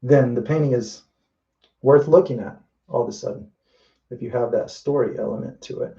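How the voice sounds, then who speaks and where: Casting note: man painting live on camera, easygoing think-aloud instructor, mellow low-key tone, slightly dull lo-fi sound. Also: moderate pace. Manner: relaxed, thinking aloud while painting, many restarts and "you know". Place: indoors at a painting wall.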